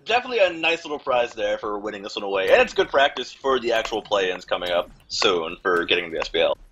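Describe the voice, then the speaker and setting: A man's voice: lowish voice, muffled recording, a little hiss or hum. A man giving play-by-play commentary on a competitive video game match. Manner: rapid, energetic play-by-play calling. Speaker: esports commentator.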